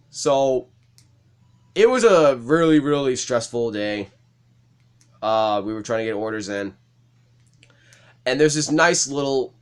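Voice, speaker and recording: Young male let's-play host, rambling anecdotes, heavy cursing, laughs easily, average pitch. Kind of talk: casual storytelling over gameplay.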